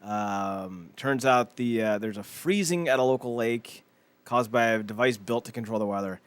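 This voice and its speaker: A man's voice: mid-range voice, moderate pace, smooth, dry recording. Male podcast co-host, mid-range voice, dry close mic, casual recap chat that stumbles and repeats. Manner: rambling, swears, stumbles and repeats words.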